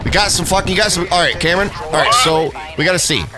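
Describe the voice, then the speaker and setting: A man streaming a shooter game, swearing and teasing a friend in loud, excitable running commentary. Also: sits high, fast talker. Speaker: gaming streamer. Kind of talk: casual gameplay commentary. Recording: game audio and music behind.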